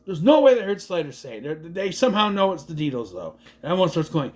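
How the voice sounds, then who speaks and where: A young adult man casually recapping and reviewing a movie, rambling and jumping into quick impressions of the characters. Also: fairly high pitch, sing-song.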